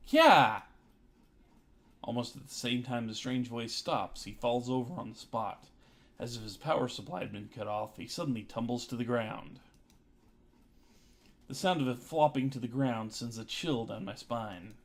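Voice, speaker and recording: A man's voice: mid-range voice, moderate pace. A man streaming, reading a visual novel aloud with dry joking asides, with music behind.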